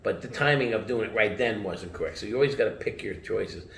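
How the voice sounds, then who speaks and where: A middle-aged man from the United States talks in a casual interview, winding through anecdotes and swearing as he goes. His voice sits very low. The room is echoey, with a faint hum of background noise. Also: quick pace, gravelly, fairly bright tone. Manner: rambling anecdotes, swears, acts out quotes. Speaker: chef, interview guest.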